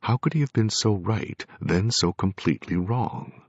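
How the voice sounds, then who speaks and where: A man narrating a first-person audiobook with measured, grave storytelling. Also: fairly low pitch, slightly rough, no echo. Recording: dry, dull lo-fi recording.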